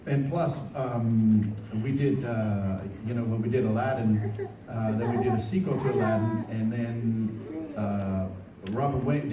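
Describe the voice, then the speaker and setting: A man on a convention panel, telling stories to an audience in an animated, laughing way, recorded from the audience in a large hall. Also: medium pitch, background noise. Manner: animated, laughing, chatty with fillers. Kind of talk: anecdotal storytelling to an audience. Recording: echoey hall from far off in a crowd.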